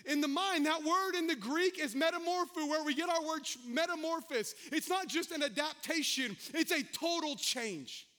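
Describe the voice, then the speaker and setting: A man preaching with a very high, bright voice that rings out when he calls to the congregation. He shifts between shouted exhortations and folksy, joking asides. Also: normal speed, hardly any pauses. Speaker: pastor. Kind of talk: sermon.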